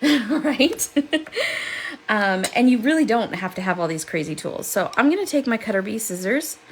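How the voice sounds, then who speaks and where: A woman's voice: a little high, animated, moderate pace, slight background noise, rough recording. A woman hosting a live crafting demo. She chats with viewers and laughs often, seated at her craft desk. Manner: chatty and upbeat, laughs often. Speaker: crafting livestream host.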